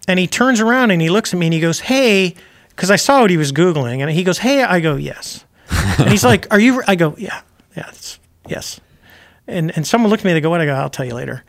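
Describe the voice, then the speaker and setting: An older man's gravelly, somewhat high voice, chatting as an interview guest. He rambles through anecdotes with frequent restarts and wry, chuckling asides. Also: lively intonation, fast talker. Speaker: guest, retired Navy pilot. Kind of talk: casual interview chat.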